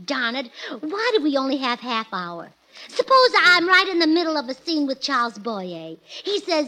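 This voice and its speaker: Chirpy, bright-voiced woman in 1940s radio comedy. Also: high voice, sing-song, normal speed, rough recording. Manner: scatterbrained, chirpy, earnest comic delivery.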